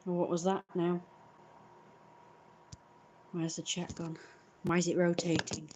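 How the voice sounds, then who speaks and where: A woman's voice: lowish voice, flat delivery, a little slow, noisy background. A British woman, exhausted and burnt out, chatting wearily at home during a live stream and swearing casually. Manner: weary, subdued, swears casually.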